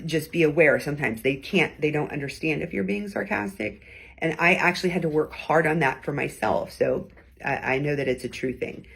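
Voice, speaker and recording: A middle-aged woman with a low, husky voice talks straight to her viewers in a relaxed, teaching way. She drops into brief acted examples to show what she means, then returns to her easy conversational delivery. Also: fairly quick. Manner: conversational, acts out tones in short quoted bits. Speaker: host giving weekly advice. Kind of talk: casual teaching talk to camera.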